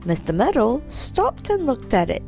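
A woman narrating a children's storybook with gentle, expressive reading. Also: on the high side, moderate pace, gravelly, soft background music.

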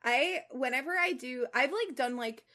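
A woman's voice: high voice, normal speed, pushed and bright. A young woman podcast co-host reading fan fiction aloud and chatting animatedly, full of fillers.

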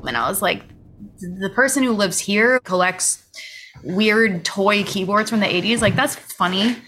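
A woman casually telling a story as a guest, animated and chiming in with laughs. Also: medium pitch, unhurried, slight background noise.

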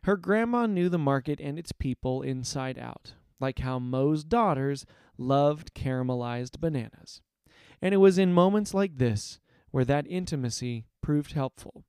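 Gravelly man reading a story. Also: a little high, a little slow, darkish tone, dry recording, clean studio sound. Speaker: story reader. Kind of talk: storytelling narration.

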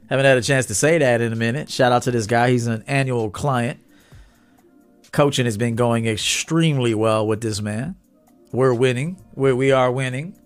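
A man's voice: mid-range voice, moderate pace, faint music behind. A man, a dating coach talking bluntly and with swagger to viewers on a livestream.

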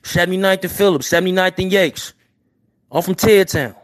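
A man's voice: high-pitched, a little fast. A young man from Chicago with a Chicago accent, chatting casually to viewers on a livestream in brash street slang and apologizing over and over. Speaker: livestream host.

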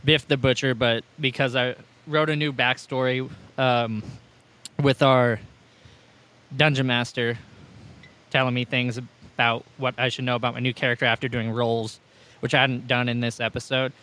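Dude hosting a podcast, bright voice, rambles and swears a lot. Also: male voice, medium pitch, flat delivery, moderate pace. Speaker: podcast host. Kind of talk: casual podcast chat.

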